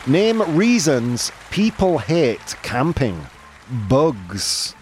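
Yorkshire male host, animated pitch, jokey with live chat, light music underneath. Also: measured pace, a faint crowd. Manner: playful, laughing, teasing the chat. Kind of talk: live-stream game show chat.

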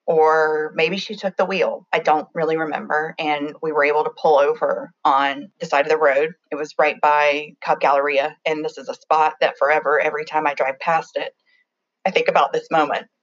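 A young woman telling a personal story in a halting, reflective way, often restarting her sentences. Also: low-pitched, little pitch movement, lo-fi sound.

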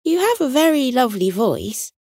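A woman's voice: sits high, sing-song, moderate pace, breathy edge, dry recording, studio quality, pitched above the performer's own voice, heavily acted. A woman doing a polite, sleepy male beaver. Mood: polite pleading. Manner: polite, earnest and softly pleading.

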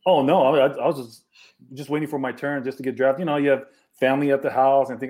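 A man from Hawaii, a former football player as guest, talking in a relaxed way with many fillers. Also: medium pitch, quick pace. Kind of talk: casual interview.

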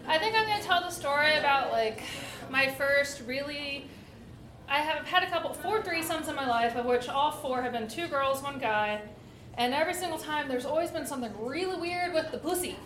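Woman with a high voice telling a raunchy story, lots of "like", echoey room with noise behind. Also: expressive, moderate pace, fairly bright tone. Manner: candid, giggly, lots of "like". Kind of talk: casual comedic storytelling.

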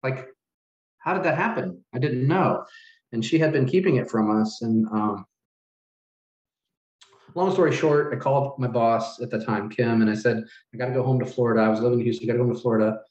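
A man's voice: mid-range voice, darkish tone. Earnest, emotional middle-aged man. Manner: earnest, halting, with many restarts and fillers. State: emotional, close to tears. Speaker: hotel manager, guest. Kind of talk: emotional storytelling in an interview. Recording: roomy, dull lo-fi sound.

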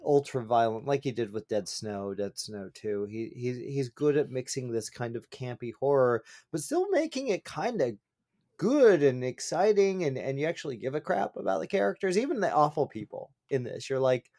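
Excitable podcast guy, gushes and repeats stuff, average pitch. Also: normal speed. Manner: excited, emphatic, repeats himself. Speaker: podcast co-host. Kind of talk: casual chat.

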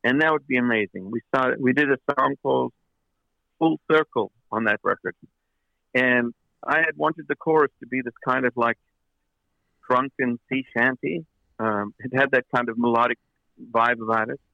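A man's voice: mid-range voice, normal speed, creaky, dry recording, muffled recording. A man, a record producer as an interview guest, telling long anecdotes with many fillers and restarts. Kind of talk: interview storytelling.

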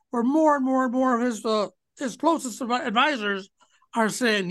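A man's voice: very high voice, normal speed, fairly bright tone. A man in his sixties chatting about politics as a guest, rambling and hesitant with many fillers. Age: 60s. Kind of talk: casual political chat.

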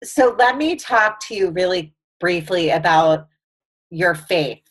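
A woman's voice: on the low side, lively intonation, slow. A woman hosting a casual interview, enthusiastic and affirming toward her guest. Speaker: interview host.

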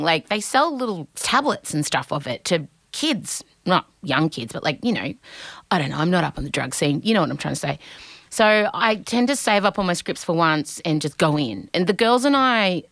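An Australian woman in her forties hosting a podcast, talking fast and rambling through animated stories. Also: fairly low pitch, no room sound, clean studio sound. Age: 40s. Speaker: podcast host. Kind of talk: casual chat.

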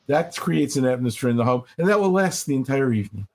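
An older man, a rabbi, talking earnestly in an interview and slowing down to stress his points as he tells stories. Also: mid-range voice, animated, a little mellow. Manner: earnest, storytelling, slows for emphasis. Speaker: rabbi, guest speaker. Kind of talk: reflective interview talk.

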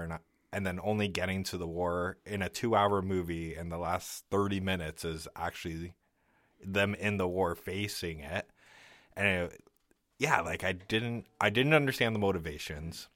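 A man from Canada with a very low voice that still comes across forceful and bright. He talks bluntly and chattily with lots of "like." The sound is dry and close to the mic. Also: normal speed, no echo. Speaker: podcast co-host. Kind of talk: casual film discussion.

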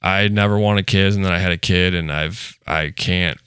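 A man's voice: sits low, steady tone, moderate pace, fairly bright tone, clean tone, dry recording. A man, a commercial diver, telling stories in casual, profane podcast chat, laid-back and rambling.

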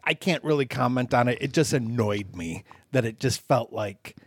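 A man's voice: medium pitch, expressive, normal speed, breathy edge, no room sound, studio quality. A man co-hosting a casual movie review chat, playful and laughing often. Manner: playful, laughs often, jokey mock-British voices. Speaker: podcast co-host.

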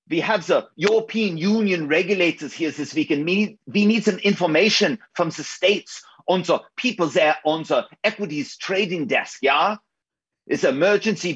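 A man's voice: on the high side, fairly bright tone, breathy edge, dull audio, pitched above the performer's own voice, heavily acted. A man voicing an urgent German-accented caller from a European office, with a put-on German accent and a pressing manner.

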